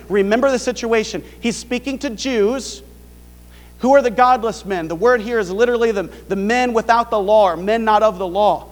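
A man's voice: high-pitched, moderate pace, in a large hall. A male pastor preaching a sermon, pressing his point with rhetorical questions.

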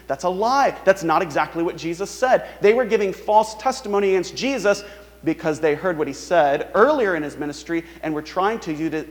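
High-voiced male preacher in a reverberant hall. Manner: earnest, emphatic preaching, voices the mockers in a higher sneering tone. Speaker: pastor. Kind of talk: sermon.

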